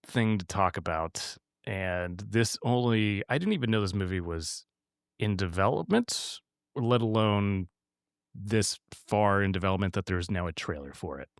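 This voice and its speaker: A man with a fairly low voice co-hosts a casual podcast and tells stories in a rambling way, full of restarts and little laughs. The sound is dry and close, with no room around it. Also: expressive, a little slow, smooth, no room sound. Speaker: podcast co-host. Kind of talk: casual chat.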